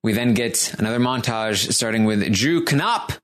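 A man's voice: medium pitch, lively intonation, moderate pace, a bit bright. A man co-hosting a casual podcast, recapping a competition show with dry jokes and plenty of fillers. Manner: dry, joking, filler-heavy. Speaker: podcast co-host.

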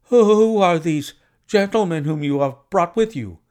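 Man voicing a shaken businessman, nervous, strained, high. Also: expressive, a little slow, a little mellow, clear, resonant tone. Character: shaken, frightened middle-aged businessman.

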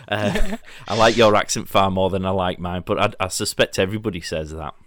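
A man's voice: deep voice, lively intonation, brisk, fairly bright tone, no echo, studio quality. A man with a Yorkshire accent hosting a casual business podcast, chatty and rambling, laughing often. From Leeds, England. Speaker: podcast host. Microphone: remote online call.

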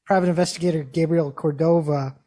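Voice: medium pitch, fairly even intonation, fairly quick, mellow, breathy edge. A podcast co-host asking interview questions in a joking, teasing way, with some fillers. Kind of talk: casual interview chat.

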